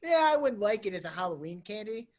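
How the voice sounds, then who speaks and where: A man's voice: high-pitched, big pitch swings, quick pace. A man co-hosting a podcast in casual banter, blunt and profane, often laughing as he argues. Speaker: podcast co-host.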